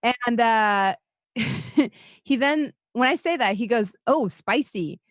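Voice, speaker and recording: A woman's voice: fairly high pitch, slow pace, a bit bright, no echo, clean studio sound. A woman in her thirties chatting casually as co-host, candid and swearing freely, laughing often. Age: 30s. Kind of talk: casual chat.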